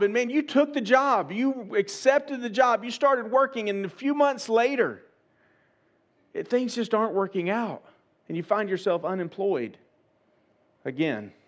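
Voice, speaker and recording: High-voiced man preaching a casual sermon. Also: unhurried. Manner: conversational preaching with rhetorical questions and repeated phrases. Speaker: pastor. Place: church service.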